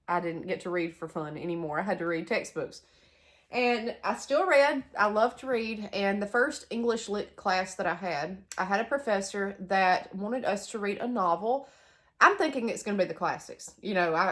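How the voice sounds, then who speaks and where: A woman's voice: mid-range voice, fairly bright tone. Young woman, Southern US accent, casual home vlog, rambling chatty delivery. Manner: rambling and chatty, with asides and laughs. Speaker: homestead vlogger. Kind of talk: casual chat to camera. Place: sunroom bedroom in a house.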